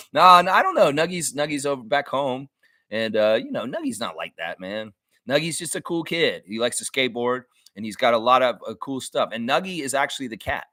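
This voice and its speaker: A man hosting a live basketball fan stream, reading out viewer comments in a chatty, animated way. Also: mid-range voice, brisk, no room sound. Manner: chatty and animated, gets loud and excited at friends' shout-outs.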